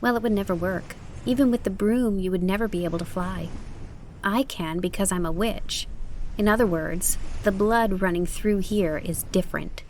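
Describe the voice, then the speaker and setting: A woman voicing a spirited, proud teenage witch girl in an audiobook, with a lively, emphatic manner. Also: medium pitch, normal speed, a little hiss or hum, close to an everyday voice. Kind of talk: audiobook character voice.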